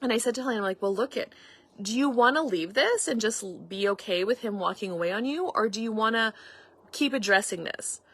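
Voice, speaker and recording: A woman's voice: fairly high pitch, expressive, a little fast, fairly bright tone, breathy edge. A middle-aged woman host telling a story in a casual, meandering way, acting out quoted dialogue. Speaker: podcast host and facilitator.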